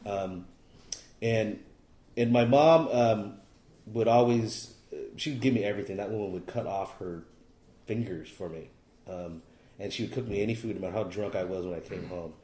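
A man's voice: on the low side, normal speed, warm tone, roomy sound. A middle-aged man from California giving a rambling, wry personal testimony at a recovery meeting. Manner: rambling, self-deprecating, wry humor.

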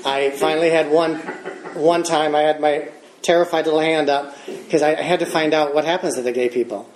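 Fairly quick and steady, with a voice on the high side, this American-accented man from Michigan, in his fifties, shares his testimony at a recovery meeting. He mixes chuckles and self-deprecating humor into his story, recorded in a large meeting room that echoes and carries background noise.

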